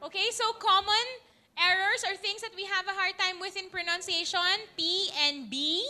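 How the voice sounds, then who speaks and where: A woman teaching English pronunciation to a class, modeling words slowly and checking in with the room. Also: very high voice, bright, forceful tone. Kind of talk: classroom lesson.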